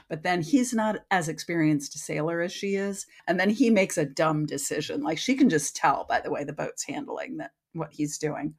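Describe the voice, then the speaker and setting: Low, gravelly-voiced woman author. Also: moderate pace. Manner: retells a story loosely, full of fillers. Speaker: guest author. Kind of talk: casual podcast chat.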